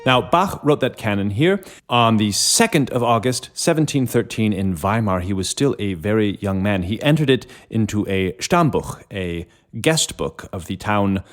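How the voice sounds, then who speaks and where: A man's voice: on the low side, expressive, normal speed. A man hosting a music lesson, patiently explaining step by step while he plays a keyboard. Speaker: music educator and host. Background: harpsichord playing.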